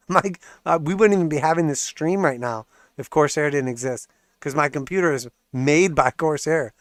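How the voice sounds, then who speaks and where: Male market livestream host, sarcastic ranter, slightly high voice, dry close mic. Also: moderate pace, no room sound. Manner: sarcastic, profane, laughs often. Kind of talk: ranting livestream commentary.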